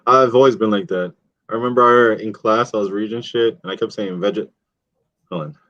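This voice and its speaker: A man's voice: on the low side, normal speed, fairly bright tone. A man hosting a casual podcast, telling loose profane stories full of fillers. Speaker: podcast host. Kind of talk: casual chat. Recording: dull, dry, lo-fi audio.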